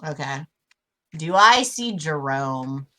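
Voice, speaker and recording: A woman joins a tabletop game with friends, brash and joking, and crude with it. Her voice sits very low for a woman. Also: expressive, takes it slowly, pushed and bright, a little hiss or hum. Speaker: player. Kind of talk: casual tabletop game chat.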